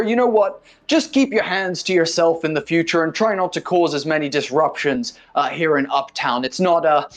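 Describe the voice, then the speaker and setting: A man's voice: fairly high pitch, natural voice. A man voicing a snooty male uptown official who lectures in a prim, hesitant way, in a tabletop game.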